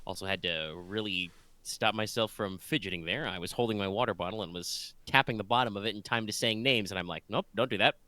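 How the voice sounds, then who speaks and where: Stuffy nasal guy gm-ing a tabletop game, lowish but bright punchy voice, rambles a lot, dry sound. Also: fast, dry recording. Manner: chatty and rambling, with many fillers. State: congested, slightly nasal. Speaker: game master.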